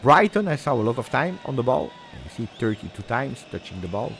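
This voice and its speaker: A man commenting live on a football match, switching between muttered play-by-play and shouting at big moments. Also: mid-range voice, a little fast, noisy background. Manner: excitable, shouts at big moments, drops Italian words. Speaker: football fan streamer.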